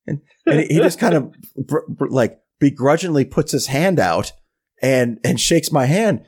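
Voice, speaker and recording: On a podcast, a middle-aged co-host with a mid-range, slightly rough voice tells a long, funny story at normal speed. His casual rant is animated, and he slips into exaggerated voices whenever he quotes someone.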